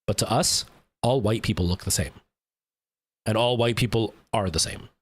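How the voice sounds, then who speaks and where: A man's voice: on the low side, moderate pace, breathy edge, no echo. A man streaming a game live, chatting casually and thinking aloud with lots of fillers and restarts.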